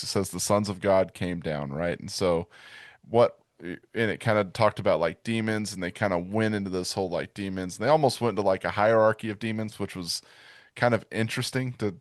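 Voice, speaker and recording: Chatty low-voiced male podcast co-host. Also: no room sound, studio quality. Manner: upbeat, chatty. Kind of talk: casual podcast chat.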